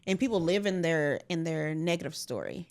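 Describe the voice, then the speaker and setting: A woman's voice: low-pitched, expressive, a little fast. A woman hosting a podcast interview, giving short affirming replies and asking follow-up questions. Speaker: podcast host.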